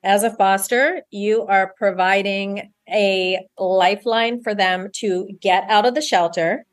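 A woman guest on a podcast who explains things earnestly and plainly. Her voice sits at a medium pitch for a woman. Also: fairly even intonation, measured pace. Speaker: guest, animal rescue founder. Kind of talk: interview guest.

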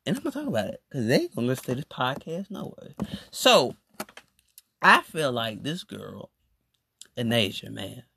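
A podcast host giving a solo rant in an emphatic, animated, slangy way, repeating phrases for emphasis. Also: mid-range voice, normal speed, gravelly, long pauses, a little hiss or hum.

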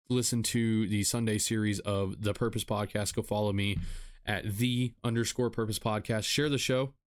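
A man hosting a solo podcast, talking earnestly in a repetitive, self-deprecating way and sounding tired after a rough week. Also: fairly low pitch. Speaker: podcast host. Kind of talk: solo podcast advice monologue.

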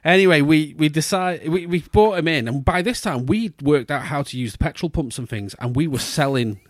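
A man's voice: a little high, moderate pace, no echo. A middle-aged man, telling a long, rambling story in casual podcast chat, full of restarts and fillers. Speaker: podcast co-host.

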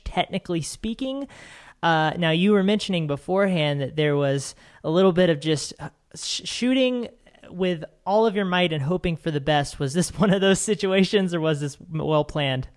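A man hosting a podcast, chatting enthusiastically with his guest and full of fillers. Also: fairly high pitch. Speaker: podcast host. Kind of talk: casual interview chat.

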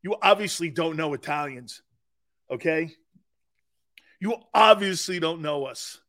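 A man's voice: a little high, a little slow. A man hosting a sports talk show, chatting casually, joking and laughing as he answers viewers' comments. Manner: joking, laughing, wide swings in loudness. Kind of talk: casual chat, reading live chat.

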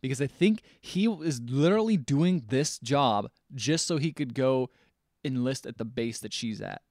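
Podcast co-host, male, mid pitch, rambling joking recap, dry close sound. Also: lively intonation, moderate pace, darkish tone, dry recording. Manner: rambling, joking, self-correcting. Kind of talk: casual movie recap chat.

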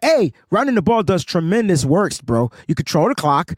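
A man with a high voice co-hosts a sports podcast. He rants with excitement and stumbles over his words as he gets going. The sound is dry and close. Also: normal speed, no echo. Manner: animated, ranting, repeats words. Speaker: podcast co-host.

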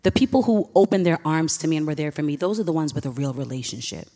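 A woman's voice: sits low, expressive, quick pace, warm tone. A young woman from Queens, New York, telling a personal story on stage in an earnest, emotional way with sighs. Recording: reverberant hall.

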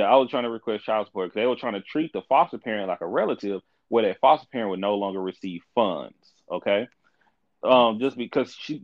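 A man in his twenties in a casual podcast chat, telling a story with lively delivery and acting out the people he quotes. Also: fairly low pitch, no echo, lo-fi sound. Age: 20s. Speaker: podcast co-host.

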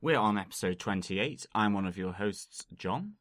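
On a casual podcast intro, a male co-host chats easily, filling his talk with ums and laughing readily. His voice is on the low side and fairly bright, with lively intonation and a moderate pace, recorded dry in studio quality.

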